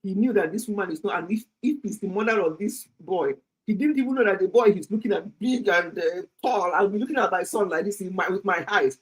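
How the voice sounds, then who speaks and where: A Nigerian woman in her sixties with a Nigerian English accent, hosting a health livestream and telling a story in an animated, chatty way, laughing often and slipping into pidgin. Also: mid-range voice, a little fast, slightly rough, low-quality recording. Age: 60s. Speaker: health channel host. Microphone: streaming setup.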